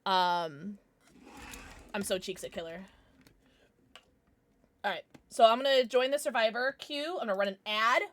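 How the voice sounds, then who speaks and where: A woman's voice: mid-range voice, unhurried, long pauses, fairly bright tone. A young woman streaming a game, chatting frankly and bluntly with her viewers. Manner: blunt and irritable, swears. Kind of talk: casual livestream chat.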